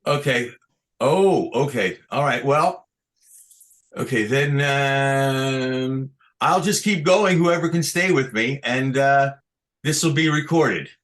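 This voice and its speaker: A man teaching Torah chanting on a video call, halting with fillers and restarts, chuckling at his own jokes. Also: medium pitch, a bit bright. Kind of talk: online lesson with sung examples.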